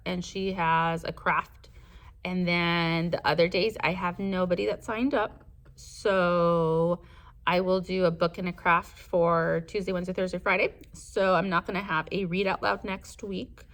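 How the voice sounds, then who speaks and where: A woman's voice: lowish voice, fairly bright tone. A young adult woman, a first grade teacher from Southern California, talking casually through her school day in a vlog, rambling as she lists her plans. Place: classroom.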